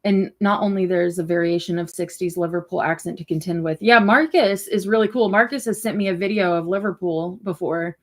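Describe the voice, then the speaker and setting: A woman's voice: fairly low pitch, brisk, hardly any pauses. A woman hosting a casual livestream and chatting loosely as she reacts to viewer comments, rambling with lots of fillers and the odd swear. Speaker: livestream host.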